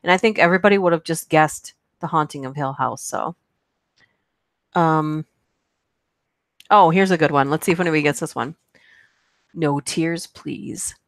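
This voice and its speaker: A woman's voice: low-pitched, moderate pace, pauses often, no room sound. A woman hosting a casual livestream, chatting playfully with her viewers and laughing often. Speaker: livestream host. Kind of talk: casual live chat, reading movie quotes aloud.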